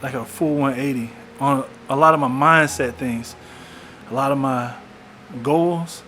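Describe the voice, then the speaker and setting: A man's voice: mid-range voice, steady tone, unhurried, bright, forceful tone, slight background noise. A young man talking candidly in a personal video diary, reflective, often saying "man". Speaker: vlogger documenting his illness. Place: in a parked car. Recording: music playing underneath.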